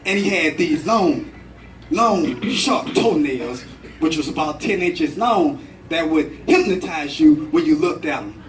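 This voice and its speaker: A man giving a storytelling speech to a club, told in a dramatic, animated way. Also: on the high side, a little slow. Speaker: club speaker. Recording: echoey room, from far off, faint music.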